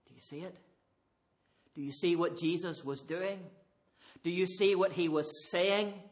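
A man's voice: high-pitched, fairly even intonation, measured pace. A man preaching an evening sermon, earnest and emphatic, pressing his listeners with repeated rhetorical questions.

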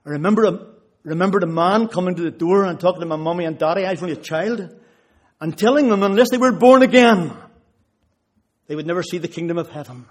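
A man's voice: high-pitched, fast. A man giving a sermon testimony, retelling conversations with rising intensity. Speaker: preacher.

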